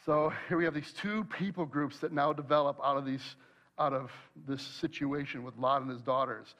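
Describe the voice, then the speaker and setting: A man preaching a sermon, telling a personal story in an animated way and acting out his own worried thoughts aloud. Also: mid-range voice, moderate pace. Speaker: pastor.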